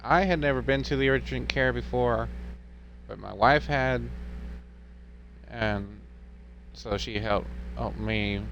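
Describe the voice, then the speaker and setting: A man's voice: medium pitch, slow pace, creaky, pauses often, a bit bright, lo-fi sound, slight background noise. A man in his twenties, a streamer, telling a story to his live stream in a rambling, laid-back way.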